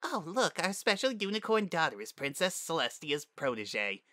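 A man's voice: a little high, big pitch swings, moderate pace, bright, forceful tone, dry recording, studio quality, pitched above the performer's own voice. A man doing a sulky, jealous young filly. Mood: sarcastic, resentful. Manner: bitter, grumbling through clenched teeth.

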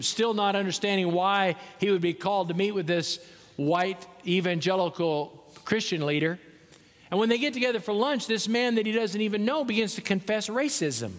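Male pastor, high voice, preaching in a big echoing sanctuary, shifts from hushed to emphatic. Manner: storytelling preacher, swings from soft and slow to emphatic. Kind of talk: sermon. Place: large church sanctuary. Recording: church sanctuary with long reverb.

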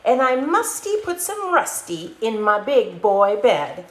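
A woman voicing an excitable silly kitten boy. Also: fairly high pitch, a little slow, reverberant, pitched above the performer's own voice. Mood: excited. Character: silly boy Siamese cat, thinks he's a dog. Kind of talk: children's storybook reading.

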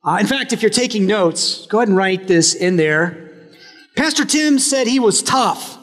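High-voiced male pastor in echoing church. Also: expressive, normal speed, fairly bright tone, faint music behind. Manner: conversational and humorous, with frequent restarts. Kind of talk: sermon. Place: church sanctuary.

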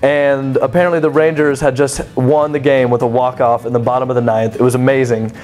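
A young man casually telling a personal story, animated and chatty, full of "like" and laughing at himself. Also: medium pitch, brisk. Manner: animated, chatty, many "like" fillers, laughs at his own story.

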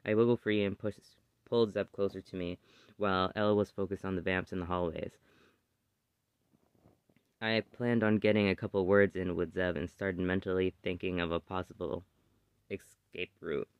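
Low-voiced man reading a story aloud. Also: normal speed, smooth, no echo, muffled recording. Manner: steady first-person narration. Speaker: story reader.

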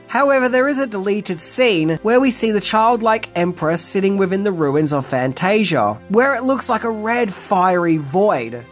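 A video essay narrator giving casual film commentary with wry, conversational asides. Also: medium pitch.

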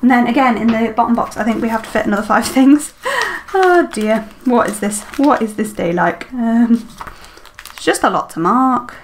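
A woman's voice: a little high, animated, moderate pace, slight background noise. A woman chatting casually to herself as she decorates a planner, full of ums and little questions. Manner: chatty, self-talking while decorating, many ums. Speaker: planner vlogger. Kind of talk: casual plan-with-me chat.

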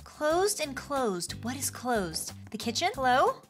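A woman hosting a game video, talking through her play in an excitable, gushing way with frequent gasps. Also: high-pitched, slow, faint music behind. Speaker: gaming channel host. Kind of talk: playful game commentary.

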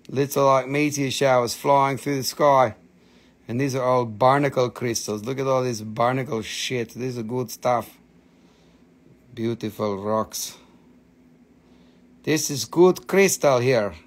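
Joking, cursing man selling rocks live. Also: mid-range voice. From Appalachian Valley, United States. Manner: jokey and profane, laughs often, slips into funny accents. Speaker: host selling rocks and minerals on a live stream. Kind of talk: casual live-stream sales chat.

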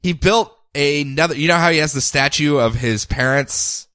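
A man co-hosting a podcast who recaps a comic in loose, playful, chatty storytelling. His voice sits slightly high. The sound is dry and close, with no room around it. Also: moderate pace, sharp tone, no room sound. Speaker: podcast co-host. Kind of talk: casual comic book recap.

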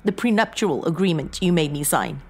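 A woman's voice: fairly low pitch, animated, normal speed, pitched above the performer's own voice. A woman voicing a tearful, pleading wife in a horror story, emotional and shaky. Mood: pleading, hurt. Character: tearful, pleading woman facing her divorce.

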